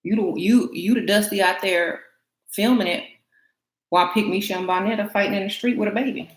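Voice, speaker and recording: Her voice sits at a medium pitch and moves a little fast as she gets ready on a livestream, laughing and answering her chat in a relaxed way. She's a beauty vlogger, recorded in an echoey room with faint background noise.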